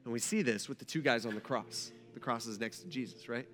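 A man preaching a sermon, moving between hushed storytelling and rising, emphatic passages. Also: medium pitch, fairly quick, big-room sound, soft background music. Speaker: pastor.

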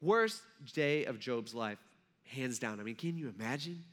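A man's voice: medium pitch, animated, a little slow, a bit bright. A man preaching a sermon, retelling a scripture story in a conversational way with rhetorical asides to the listeners. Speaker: pastor.

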